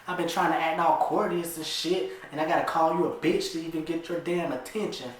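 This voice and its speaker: A man's voice: fairly high pitch, steady tone, brisk, a little hiss or hum, lightly acted. A man doing a cocky, crude young man. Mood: exasperated. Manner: taunting, crude. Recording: very echoey room.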